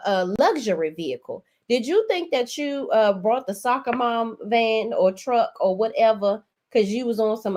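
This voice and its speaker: Sassy, animated woman recapping reality TV. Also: on the high side. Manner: sassy, profane, emphatic. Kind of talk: casual profane commentary.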